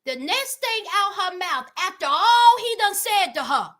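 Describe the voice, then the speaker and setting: Bright, high-voiced woman recapping TV. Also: a little slow, hardly any pauses. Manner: animated, exclaiming, talks to viewers directly. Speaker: reality TV recap host. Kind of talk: casual recap commentary.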